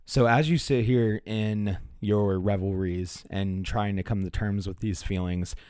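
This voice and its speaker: Male game master, hesitant narrator, low, dry. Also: steady tone, measured pace, a little mellow, clear, resonant tone, no room sound. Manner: hesitant, many fillers and restarts.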